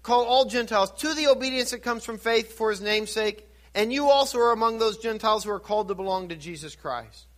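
The pastor's voice is high and fairly bright, a little fast with few pauses. In his sermon he works through scripture, answers his own rhetorical questions, and builds fervently.

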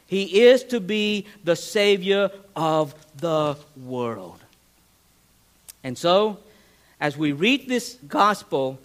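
A man's voice: sits high, a bit bright. A man preaching a sermon as a pastor, earnest, with restarts and a voice that rises and falls for emphasis.

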